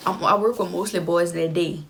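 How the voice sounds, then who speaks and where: A woman's voice: fairly low pitch, fairly even intonation, normal speed, creaky, a little hiss or hum. A young adult woman casually telling a personal story to her viewers in a chatty, emphatic way. She often repeats phrases for effect.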